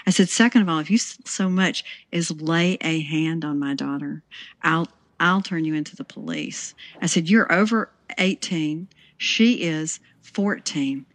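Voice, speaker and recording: A middle-aged woman telling a family story in a casual interview, acting out the dialogue with lively laughter. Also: low voice, measured pace, no echo. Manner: animated, acts out quoted dialogue, laughs often. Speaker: interview guest. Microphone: handheld recorder.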